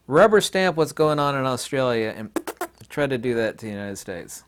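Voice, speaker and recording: A man's voice: mid-range voice, normal speed, smooth. A man in mid-range voice talking straight to his audience in a loose, opinionated monologue. He wanders through asides and fillers while making his case, chuckling wryly between points. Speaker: channel host.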